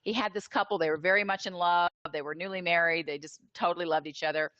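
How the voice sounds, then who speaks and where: Woman, lowish pitch, dry close sound, interview guest, lively storytelling, video call. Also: fast talker, no room sound, highs cut off. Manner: thoughtful, animated storytelling with filler words. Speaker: interview guest, attachment therapist. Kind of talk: explaining in conversation.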